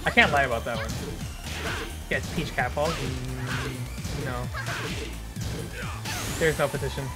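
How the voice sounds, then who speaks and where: A woman streaming a fighting game live from her desk at home, excitable and swearing, breaking into yelps and shouts, with game music behind her. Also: extremely low pitch, takes it slowly. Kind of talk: live gaming stream commentary.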